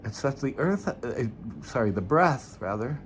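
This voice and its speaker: A man teaching as a meditation teacher, talking in a gentle, unhurried, informal way before guiding a short meditation. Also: medium pitch, very animated, slight background noise. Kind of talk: dharma talk leading into guided meditation.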